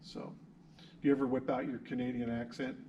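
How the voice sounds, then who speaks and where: A man at a medium pitch interviews guests for his students, with an easy, joking warmth. His voice comes from a little way off the mic. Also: little pitch movement, fairly quick, recorded from a distance, dull audio, noisy background. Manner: friendly, teasing, talks to a class. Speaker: instructor interviewing social workers. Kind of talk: classroom video interview.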